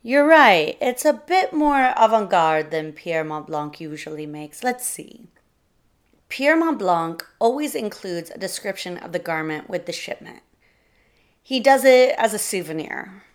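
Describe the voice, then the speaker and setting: A woman's voice: medium pitch, very animated, a little slow, clean tone. A woman voicing a chatty, helpful seamstress who hesitates with little fillers.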